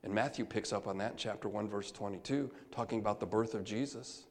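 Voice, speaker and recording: A man preaching a sermon, moving between soft, hushed lines and loud, emphatic calls. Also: on the low side, quick pace. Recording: long hall reverb.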